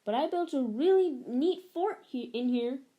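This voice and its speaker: A woman's voice: high-pitched, lively intonation, a little slow, muffled recording, pitched above the performer's own voice. A woman voicing an eager, imaginative little boy in a storybook read-aloud. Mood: excited. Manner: bright, eager exclamations.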